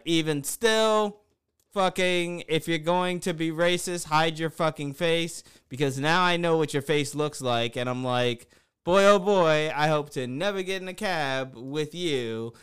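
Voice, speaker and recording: A man co-hosting a casual podcast, venting in a profane rant that swings from mumbling to loud outbursts. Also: fairly high pitch, measured pace, clean tone. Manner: animated, swings from mumbling to shouting. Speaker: podcast co-host.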